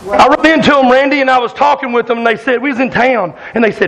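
High-pitched hollering preacher man. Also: fast, low-quality recording. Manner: loud, hollering Southern-style preaching with call-outs to the congregation. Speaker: pastor. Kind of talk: fiery sermon. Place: church sanctuary with congregation.

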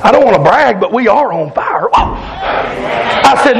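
A man preaching a fiery sermon, loud and hollering, calling out to his congregation in a church. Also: extremely high pitch, big pitch swings, slow, gravelly, background noise. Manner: loud, hollering Southern-style preaching with call-outs to the congregation. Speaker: pastor.

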